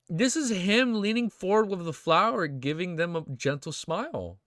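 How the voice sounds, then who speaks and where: A young man streaming, reacting emotionally and excitedly to fan art in casual chat, swearing often and calling viewers dude and bro. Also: high voice, moderate pace, few pauses, no echo, clean studio sound.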